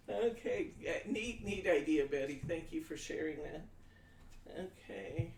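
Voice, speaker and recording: A man's voice: on the high side, creaky. A man hosting a live-stream crafting demonstration, chatting folksily with viewers and talking through each measurement step by step. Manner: chatty, folksy, answers viewer comments aloud. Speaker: craft show host. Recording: echoey room, distant mic, faint noise.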